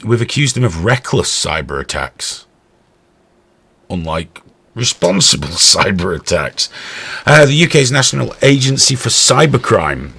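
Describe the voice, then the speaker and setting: A man's voice: fairly low pitch, vocal fry, fairly bright tone, slightly rough. A middle-aged English man hosting a show, giving a blunt, sarcastic, heavily sworn rant about the news. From England. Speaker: show host. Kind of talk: ranting commentary.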